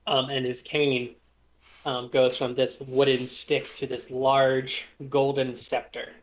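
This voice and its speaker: A man serving as game master for a tabletop game, describing each scene slowly with frequent hesitations. His voice sits at an ordinary middle pitch. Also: little pitch movement. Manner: descriptive, hesitant with many fillers.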